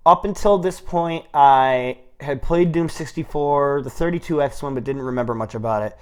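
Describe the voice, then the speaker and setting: A young American man in his twenties telling a long personal story on his own. His delivery is rambling, animated and full of swearing, at an ordinary, mid-range pitch. It is recorded on an old microphone. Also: smooth. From United States. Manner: rambling, profane, animated retelling. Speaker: solo storyteller. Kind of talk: casual storytelling monologue.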